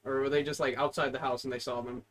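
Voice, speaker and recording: A man co-hosting a comedy podcast, reacting quickly and laughing often. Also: mid-range voice, little pitch movement. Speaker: podcast co-host. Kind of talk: casual comedic chat.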